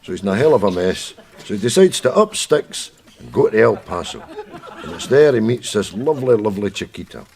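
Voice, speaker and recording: A man's voice: a little fast, creaky. An actor with a Scottish accent playing a grumpy old man called Jack, bickering and grumbling in a sketch comedy. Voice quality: grumbling, bickering, lively pitch.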